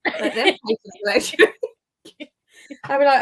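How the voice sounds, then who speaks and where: A woman's voice: sits high, expressive. A woman, chatting casually and laughing often. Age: 30s. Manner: giggly, chatty, quick to laugh. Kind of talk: casual chat.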